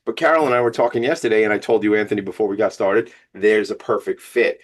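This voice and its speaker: A man hosting a radio talk show, speaking with a Long Island New York accent, excitable and rambling, cracking jokes. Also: on the low side, fast. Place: radio studio.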